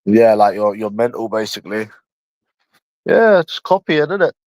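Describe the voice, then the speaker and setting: A man's voice: lowish voice, sing-song, moderate pace, darkish tone, no room sound. A man from London chatting casually on a livestream, rambling and addressing a viewer by nickname.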